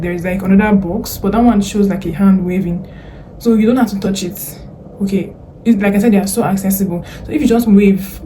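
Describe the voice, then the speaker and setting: A woman's voice: mid-range voice, warm tone, a little hiss or hum. A young Nigerian woman with a Nigerian accent, giving chatty, earnest advice in a casual vlog, full of fillers and slang. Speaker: vlogger.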